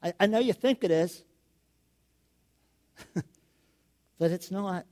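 A middle-aged male pastor giving a sermon, telling stories with frequent chuckles and building to loud, emphatic questions. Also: high-pitched, slow pace.

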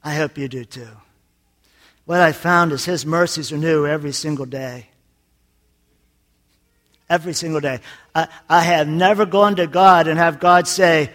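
A man's voice: fairly high pitch, steady tone, normal speed, pauses often. Man preaching a folksy sermon. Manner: folksy, tells jokes, swings from soft to loud. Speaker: pastor.

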